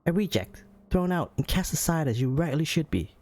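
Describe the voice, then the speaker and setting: A man's voice: fairly high pitch, very animated, fairly quick, darkish tone, voice pushed up. A man putting on a scornful cruel blind date woman. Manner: cutting and scornful.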